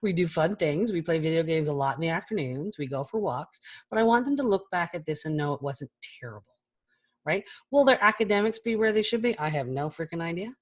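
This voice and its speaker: A woman's voice: sits low, expressive, fairly quick. A woman in her forties giving a frank, chatty keynote talk over a video call. She swears casually as she speaks to an online audience.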